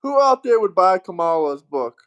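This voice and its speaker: A man's voice: sits high, very animated, moderate pace, fairly bright tone. A man hosting a casual livestream, reading out viewer comments and thanking them in an upbeat way. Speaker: livestream host.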